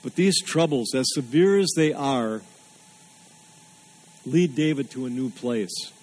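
A man's voice: mid-range voice, expressive, takes it slowly, darkish tone, rough recording. A man preaching a sermon, earnest and emphatic, repeating phrases for weight. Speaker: pastor.

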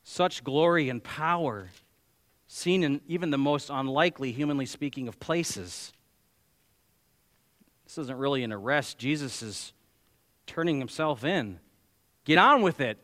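A man preaching a sermon as pastor, emphatic, swinging between loud exclamations and quiet, slow asides. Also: medium pitch, long reverb tail.

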